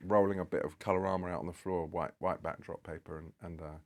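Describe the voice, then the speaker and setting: This British podcast guest talks fast, his voice sitting low and his tone steady. Chatting casually, he rambles through a lengthy anecdote, performing each line of dialogue himself.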